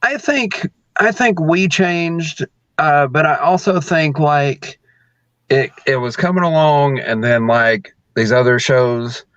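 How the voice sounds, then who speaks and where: A man's voice: a little high, takes it slowly, a bit bright, no echo, highs cut off. A man who is a wrestler, telling a story on a podcast as a guest, with lots of fillers and frequent laughs. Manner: laughs often, rambling with many fillers. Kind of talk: casual storytelling.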